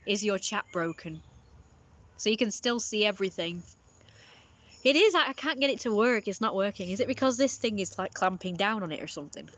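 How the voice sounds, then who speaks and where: A woman's voice: mid-range voice, lively intonation, fairly quick. A woman giving casual live-stream commentary, rambling and often repeating herself with filler words.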